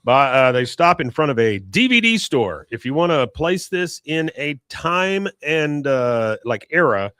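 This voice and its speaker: Brief: male podcast host, lively pitch, recapping episodes into a dry close mic. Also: measured pace, hardly any pauses, clear, resonant tone, no echo. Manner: animated storytelling.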